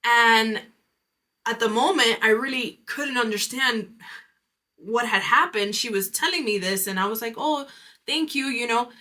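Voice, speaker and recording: A woman's voice: fairly high pitch, unhurried, bright, forceful tone. A woman hosting a podcast, telling a personal story in a candid, reflective way with casual fillers. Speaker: podcast host.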